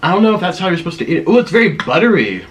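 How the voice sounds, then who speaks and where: A man's voice: high-pitched, very animated, very fast. A man hosting an eating vlog, chatting through a dramatic story between mouthfuls. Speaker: vlogger.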